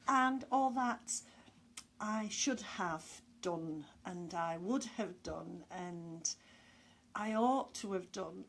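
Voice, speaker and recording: A middle-aged woman talks slowly and chattily on a live stream, breaking into giggles and filling her pauses with ums. Her voice sits at a middle pitch, and a faint hiss runs under the recording. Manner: giggly, chatty, with frequent laughs and fillers. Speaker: medium giving weekly guidance. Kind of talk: casual live-stream talk.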